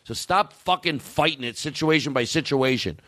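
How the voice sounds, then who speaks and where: A man hosting a comedy podcast, ranting in a profane, excitable, rambling way. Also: a little high, moderate pace, no room sound. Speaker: podcast host. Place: podcast studio.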